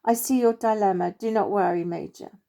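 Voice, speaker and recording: A wise old oak tree that speaks softly and kindly, often dropping low at the end of a phrase, as a woman puts it on. The tone is mellow and unhurried, like a storybook read aloud. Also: vocal fry, natural voice. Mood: gentle. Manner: gentle, warm, soft-spoken.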